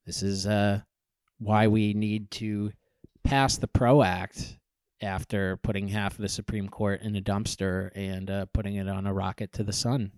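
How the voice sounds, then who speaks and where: A man's voice: fairly low pitch, flat delivery, measured pace, a little mellow, clean tone, no echo. A man co-hosting a news podcast, giving wry remarks and updates with dry jokes and frequent fillers. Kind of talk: casual political commentary.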